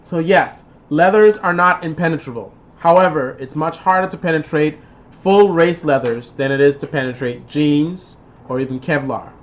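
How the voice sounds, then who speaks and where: A man hosting a casual livestream, reading out viewer comments and telling rambling stories in an animated way. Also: on the high side, normal speed. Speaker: livestream host. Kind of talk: casual live-stream chat. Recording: dull lo-fi livestream audio.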